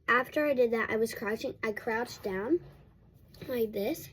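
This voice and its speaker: A woman's voice: fairly high pitch, a little slow, slightly rough. A young woman vlogger telling a casual storytime at home while getting ready, rambling with many restarts and fillers.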